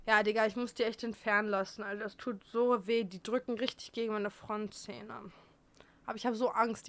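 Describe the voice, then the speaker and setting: A woman in her 20s streams live, chatting casually and bluntly while teasing and joking. Her voice is a little high with a sharp tone, and she switches between English and German.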